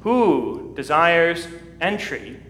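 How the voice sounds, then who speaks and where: A man preaching a sermon, telling a story dramatically and building to loud, emphatic peaks. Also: a little high, big pitch swings, drawn-out words. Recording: echoey hall with long reverb.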